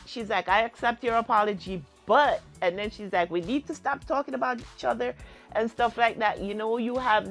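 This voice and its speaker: Woman vlogger recapping reality tv, middle pitch, animated, faint music under her. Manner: animated, acts out quoted lines with fillers. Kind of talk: casual recap retelling.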